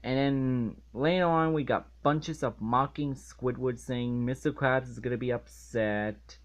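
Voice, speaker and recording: A man giving a ranting episode review in an exasperated, halting way, often restarting his phrases. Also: mid-range voice, steady tone. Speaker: online reviewer.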